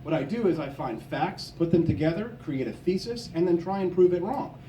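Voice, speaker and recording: A young man from Missouri delivers a combative stump speech, his fairly high voice soft and mellow rather than bright. He stands well back from the microphone. His words ring through a reverberant convention hall. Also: animated, a little fast, slight background noise. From Missouri, USA. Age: young adult. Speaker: political candidate. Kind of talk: campaign speech. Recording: echoey hall, from a distance.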